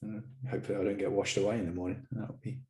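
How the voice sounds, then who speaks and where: A man's voice: lowish voice, level tone, rapid-fire, warm tone. A man co-hosting a podcast, bantering casually and teasing his friend. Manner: teasing, laid-back banter. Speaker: podcast co-host. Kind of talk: casual chat.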